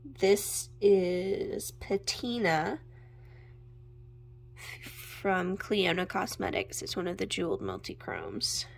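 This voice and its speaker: A young woman chatting casually at home as she shows her makeup, gushing and sometimes dropping into a soft whisper. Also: medium pitch, lively intonation, slow, gravelly, pauses often, a little hiss or hum. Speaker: makeup vlogger. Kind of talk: casual chat while swatching makeup. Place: home room with natural light.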